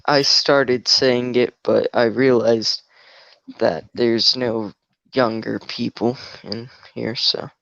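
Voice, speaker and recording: A young man co-hosting a livestream, making dark jokes in a flat, deadpan way. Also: mid-range voice, slow, creaky, no room sound, lo-fi sound. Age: teens or young adult. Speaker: livestream co-host. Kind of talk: casual livestream chat.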